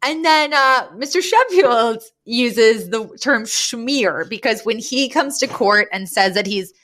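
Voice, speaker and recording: A woman co-hosting a podcast, chatting casually about a sitcom episode, enthusiastic and quick to laugh. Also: on the high side. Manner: laughs often, animated and enthusiastic. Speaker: podcast co-host.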